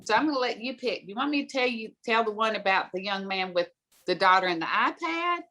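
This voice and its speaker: A woman's voice: medium pitch, expressive, fast, pushed and bright. Middle-aged woman guest, direct and emphatic, storytelling advice. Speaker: guest speaker on money.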